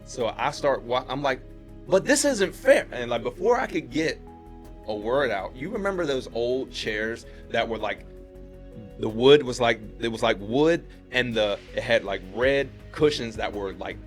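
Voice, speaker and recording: A man from Pittsburgh, a podcast guest, telling a story in casual chat and acting out the quotes with his voice jumping up high. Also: unhurried, faint music behind. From Pittsburgh, USA. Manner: animated retelling, acts out quotes with rising pitch.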